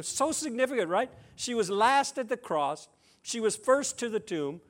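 Man, high-pitched voice, sermon, conversational storytelling, playful humorous asides, loud emphasis and hushed moments. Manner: expressive, shifting between loud emphasis and soft near-whispers. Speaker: preacher. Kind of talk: sermon retelling a scripture story.

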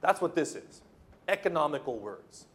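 A man's voice: a little high, big pitch swings, normal speed, fairly bright tone. A man preaching a sermon as pastor, talking in a loose, conversational way with restarts and playful asides.

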